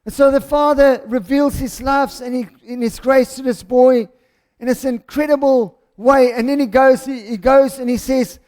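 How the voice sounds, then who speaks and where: A man's voice: very high voice, fairly even intonation, moderate pace, darkish tone. A South African man preaching a passionate, storytelling sermon as pastor.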